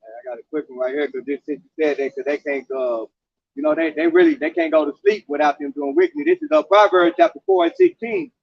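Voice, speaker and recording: A man at an informal scripture discussion, speaking haltingly and reading verses aloud. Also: on the high side, lively intonation, gravelly, husky, no echo, lo-fi sound. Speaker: camp speaker.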